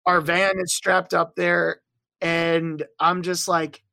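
A young adult touring musician tells a road story in a wry, profane, casual way and slips into the voices of the people in it. The voice sits at a middling pitch and is recorded close and dry, with no room sound. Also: flat delivery, slow pace, vocal fry, bright, forceful tone, no room sound.

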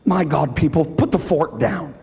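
A man preaching a sermon to a church. He pleads with the congregation, dropping to hushed, almost whispered lines and then rising to shouted exhortation. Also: fairly high pitch, expressive, normal speed, creaky. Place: large church hall. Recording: long hall reverb.

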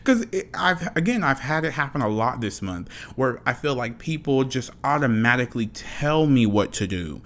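A man's voice: mid-range voice, expressive, moderate pace, hardly any pauses, fairly bright tone. A man hosting a solo podcast, ranting frankly and passionately, swearing often and repeating himself. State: dry mouth. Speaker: podcast host.

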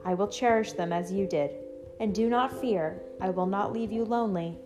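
A woman reading aloud, voicing a gentle, magical motherly spirit who speaks in a calm, tender and reassuring way. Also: medium pitch, normal speed, over music, lightly acted.

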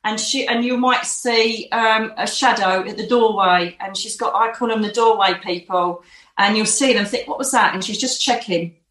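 A woman's voice: mid-range voice, normal speed, a bit bright. A woman giving a psychic reading, talking in an emotive, reassuring, rambling way. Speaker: psychic medium. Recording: roomy echo.

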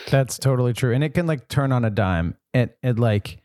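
A man in casual podcast chat, agreeable, with quick interjections and fillers. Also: mid-range voice, expressive, a little mellow, dry recording, clean studio sound.

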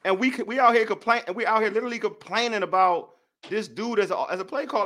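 This young co-host of a sports show speaks with a DC-area American accent, his voice high, quick, and somewhat bright. He vents heatedly in casual sports talk, repeating himself to drive points home.

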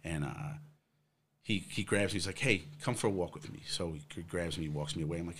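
This former police officer, a middle-aged man, has a low, brisk, somewhat bright voice. Talking casually, he wanders through a lengthy story of his own, filling it with fillers and acting out exchanges with others.

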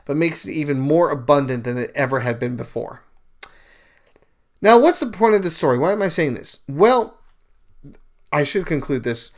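A young man hosting a podcast, retelling a story in a casual, animated monologue, with sudden louder bursts. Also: mid-range voice. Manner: animated storyteller, paraphrases scenes in bursts of raised voice. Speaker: podcast host. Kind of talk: casual religious commentary monologue.

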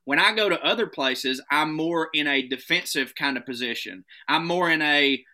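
A man with a Southern American accent, a stand-up comedian telling stories in an animated, profane, casual chat. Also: a little high, normal speed. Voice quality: animated storytelling, swearing freely.

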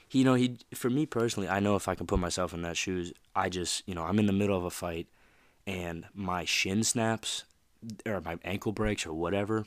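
A man's voice: sits low, steady tone, moderate pace, no room sound. A man hosting a motivational podcast, talking casually and rambling, addressing the listener directly. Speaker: podcast host.

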